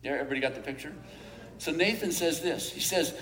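High-voiced man preaching in echoey hall. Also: a bit bright, a little hiss or hum. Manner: storytelling, chuckling often, then slow earnest prayer. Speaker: pastor. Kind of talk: sermon. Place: church hall.

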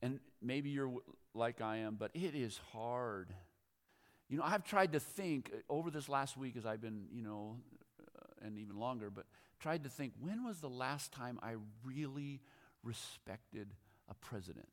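A man's voice: mid-range voice, expressive, unhurried, long reverb tail. A middle-aged man preaching a conversational, self-deprecating sermon in a church, often laughing at himself. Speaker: pastor. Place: church sanctuary.

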